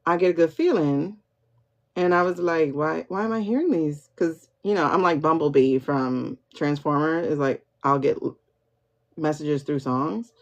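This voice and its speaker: A woman hosting a livestream pendulum reading, excitable, repeating herself as she questions her spirit guide and talks to viewers. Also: low voice, moderate pace. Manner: excitable, keeps repeating "hold on" while asking questions. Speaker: tarot reader host. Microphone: phone or computer mic for livestream. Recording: dull lo-fi livestream audio.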